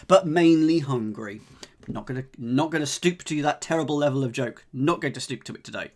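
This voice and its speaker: A man streaming a crossword solve, talking casually with his viewers. He thinks out loud and jokes along the way, with a middle-pitched, everyday voice. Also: a little fast. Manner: chatty, jokey, thinks aloud, talks to chat. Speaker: streamer solving cryptic crosswords with live chat. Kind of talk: casual live-stream chat.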